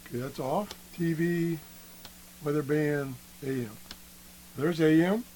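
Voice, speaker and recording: A man slowly demonstrating an old radio, halting often and clearing his throat, his voice worn from being sick. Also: a little high, mellow, a little hiss or hum, low-quality recording. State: losing his voice after illness. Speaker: radio hobbyist video host. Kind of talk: casual show-and-tell demo.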